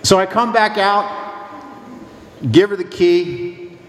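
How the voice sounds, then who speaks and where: A man's voice: high-pitched, slow pace, reverberant, long reverb tail, a crowd in the background. A man who is a priest, delivering a sermon with emphatic, humorous storytelling.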